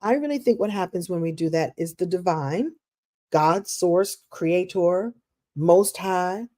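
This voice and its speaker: A woman hosting a live motivational talk in a conversational, playful way, breaking into lively exclamations. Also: fairly low pitch, measured pace. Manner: animated, playful, breaks into exclamations and acted quotes; conversational, with restarts and laughs. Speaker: host, motivational speaker.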